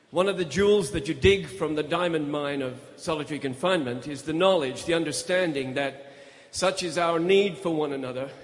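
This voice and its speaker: Grave storytelling man in echoing hall. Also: fairly high pitch. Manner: measured, grave. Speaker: guest speaker. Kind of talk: storytelling speech on stage. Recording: echoey hall.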